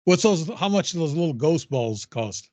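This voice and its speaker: A man hosting an interview over a video call, asking short, curious questions and giving quick reactions. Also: fairly high pitch, expressive, darkish tone, no room sound. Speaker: host. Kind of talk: casual interview.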